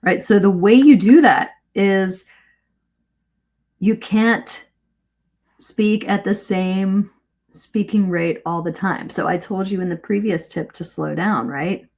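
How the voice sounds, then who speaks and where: Speaking slowly in a mid-range voice, a woman runs a live online English speaking lesson. She is lively and demonstrative, asking her listeners questions.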